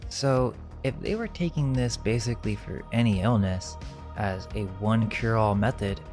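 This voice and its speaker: A man with a low voice reads a scripted narration, measured and suggestive, leaning on rhetorical questions. Faint music plays beneath his voice. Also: a little mellow. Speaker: narrator of a conspiracy video.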